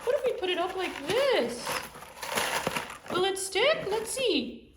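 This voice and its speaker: Woman doing a squeaky little toy rider. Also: slow pace, roomy sound, heavy background noise, exaggerated voice. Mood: playful. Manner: squeaky, sing-song, excitable. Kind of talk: children's pretend play.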